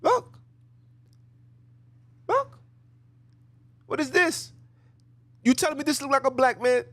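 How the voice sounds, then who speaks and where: A man's voice: very high-pitched, big pitch swings, slow pace, a bit bright. A man hosting a podcast, giving emphatic, repetitive religious commentary in casual slang while he talks his listeners through slides. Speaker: podcast host.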